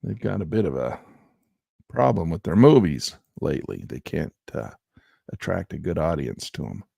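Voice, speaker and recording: Gravelly, folksy man rambling over charts. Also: low voice, very animated, moderate pace, dark tone, no room sound, studio quality. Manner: folksy and rambling, talks to himself. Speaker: stock options trader. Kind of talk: casual commentary over trading charts.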